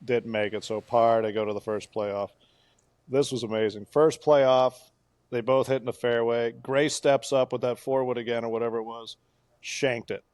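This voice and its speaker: Male co-host, mid-pitched, excitable play-by-play storyteller, dry close recording. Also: moderate pace, no room sound. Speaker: podcast co-host. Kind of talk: casual golf podcast chat.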